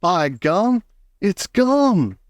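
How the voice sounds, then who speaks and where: A man voicing a pushy, demanding gum-chewing girl who talks loudly and brattily. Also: a little high, lively intonation, normal speed, no echo, studio quality, lightly acted. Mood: bratty.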